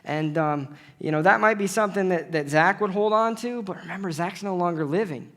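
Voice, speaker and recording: A man preaching a sermon in an animated way, acting out conversations with God as he speaks. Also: high-pitched, brisk. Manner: animated, acts out dialogues with God.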